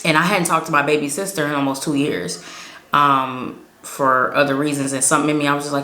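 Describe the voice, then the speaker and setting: A woman's voice: sits low, fairly even intonation, brisk, bright, forceful tone. Earnest woman in an echoey room. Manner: earnest, emotional, rambling with many fillers. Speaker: prophetic vlogger. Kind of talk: casual spoken testimony.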